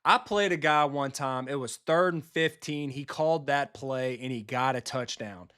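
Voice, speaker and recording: A man chatting with his viewers as he plays a football video game live. He talks in a loose, blunt way, swears freely and reacts fast to each play. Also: medium pitch, pushed and bright, clear, resonant tone. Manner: casual, blunt and profane, quick reactions to the game.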